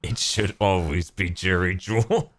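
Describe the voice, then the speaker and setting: A man's voice: low voice, measured pace, a little hiss or hum. A man co-hosting a casual podcast, joking and laughing often and swearing freely. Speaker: podcast co-host.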